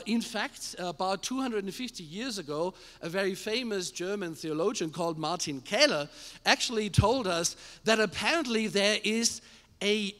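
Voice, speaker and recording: A male pastor preaching a sermon to a live congregation, emphatic, asking the room questions and building to shouted climaxes. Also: sits high. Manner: addresses the congregation directly with questions. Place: church service with a live congregation. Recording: long hall reverb in a church.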